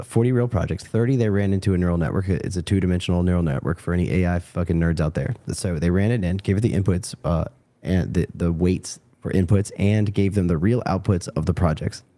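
A man's voice: deep voice, dark tone. A man hosting a podcast in a rambling, profane and self-deprecating way. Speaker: podcast host. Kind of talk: casual podcast chat.

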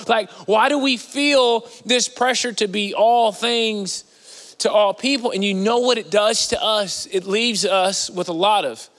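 A man preaching in a large church, his voice riding high and sounding bright and forceful. He talks in an animated, conversational way and swings between loud bursts and hushed asides. Long reverb from the big hall trails after his words. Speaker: guest preacher. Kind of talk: sermon.

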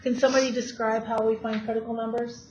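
A woman math teacher lectures her class, quizzing students as she works through problems. Her voice is a little high and slightly mellow, with a flat delivery and a quick pace. The classroom recording is dull and lo-fi, with faint hiss.

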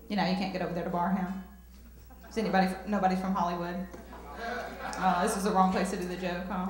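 A woman's voice: on the low side, little pitch movement, fast talker. A young woman with a Southern US accent doing a self-mocking, drawling stand-up set in a comedy club, talking into a handheld mic. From Southern US countryside. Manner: drawling, self-mocking, breaks into shouted rap bits. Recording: echoey club room.

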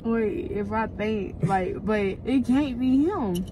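A young woman on a blind date in a car, suspicious and teasing, swearing loudly as she questions her date. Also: a little high, slow, highs cut off, noisy background. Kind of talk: casual banter in a car. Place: inside a car.

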